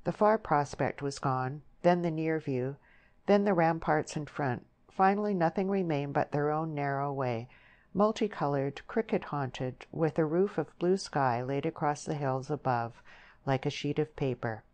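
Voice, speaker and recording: Low-voiced woman reading a novel. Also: a little mellow. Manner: measured, descriptive storytelling. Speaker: audiobook narrator. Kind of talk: scripted narration.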